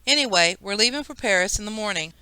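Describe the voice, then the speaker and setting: A woman's voice: mid-range voice, animated, fast talker, sharp tone, smooth, no echo, rough recording. A woman reading an audiobook, voicing a harried mother who is stern and overwhelmed. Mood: flustered.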